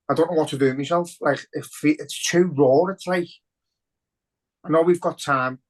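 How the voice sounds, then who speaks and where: A man's voice: on the high side, steady tone, moderate pace, pauses often, low-quality recording. Sweary emotional Liverpool man. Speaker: podcast co-host. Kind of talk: casual podcast chat.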